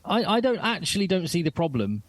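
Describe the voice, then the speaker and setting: A man co-hosting a podcast in casual chat, animated and quick to jump in, with lots of restarts. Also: high-pitched, no room sound. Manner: animated, talks over his co-host, many restarts. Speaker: podcast co-host, radio presenter.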